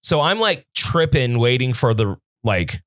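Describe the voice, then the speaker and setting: A young adult man co-hosting a comedy podcast, telling a long story with deadpan setups in casual chat. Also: mid-range voice, a little slow, no room sound, studio quality. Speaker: podcast co-host.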